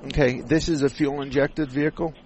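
A man's voice: medium pitch, fairly even intonation, brisk, a little mellow, a little hiss or hum, low-quality recording. A man hosting a call-in radio show about car repair, explaining things step by step in a folksy way. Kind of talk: call-in radio advice chat.

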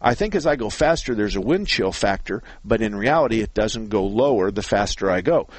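A man's voice: on the low side, expressive, a little fast, no echo. A man hosting a call-in car-repair radio show, explaining things in a folksy, joking, rambling way.

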